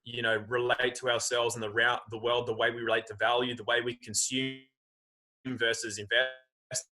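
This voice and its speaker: A man with a bright, forceful voice makes his case with emphatic energy. He talks over a video call in a casual interview. His pitch sits in an ordinary middle range. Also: normal speed, rough recording. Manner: emphatic, animated, acts out quoted voices. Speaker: guest. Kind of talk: casual conversation.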